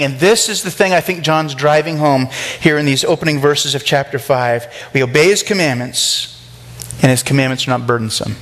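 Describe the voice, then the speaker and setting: A man's voice: medium pitch, fairly bright tone. A man preaching a sermon in a conversational way, asking rhetorical questions and acting out the voices he quotes. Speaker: pastor.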